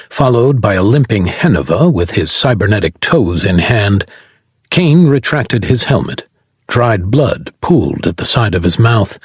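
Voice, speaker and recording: Husky, lively male audiobook narrator. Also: mid-range voice, no room sound. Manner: voices every character himself.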